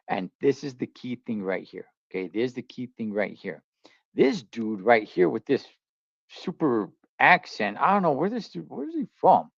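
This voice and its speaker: A slangy man picks apart a video in casual reaction commentary, his pitch leaping up and down. The sound is dry and a little dull, close to a home mic. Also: normal speed, creaky, no echo. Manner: blunt, slangy, animated and skeptical. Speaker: trucker streamer reacting to a video.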